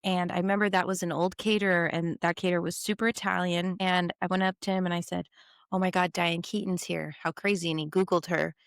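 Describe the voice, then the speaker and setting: A woman's voice: on the low side, level tone, fast, dry recording, clean studio sound. A woman co-hosting a podcast, telling stories in casual chat and acting out the people she quotes. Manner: chatty storyteller, acts out quoted voices. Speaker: podcast co-host.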